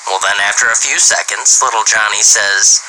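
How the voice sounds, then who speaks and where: A man reading dirty jokes aloud as an animated storyteller who starts many lines with "well". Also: fairly low pitch, moderate pace, a little hiss or hum, poor audio.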